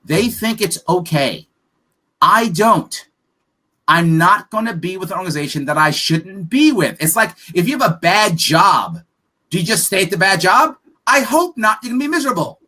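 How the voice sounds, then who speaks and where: A man's voice: high-pitched, very animated, moderate pace, pushed and bright. A man being interviewed on a podcast as a political candidate, talking emphatically and bluntly, firing off rhetorical questions. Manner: profane, frank.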